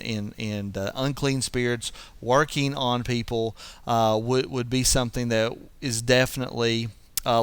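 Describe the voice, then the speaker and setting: A man's voice: mid-range voice, fairly bright tone, smooth, no echo. A man giving a verse-by-verse Bible teaching, explaining as he goes and often restarting his sentences. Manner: explanatory, thinking aloud with frequent restarts.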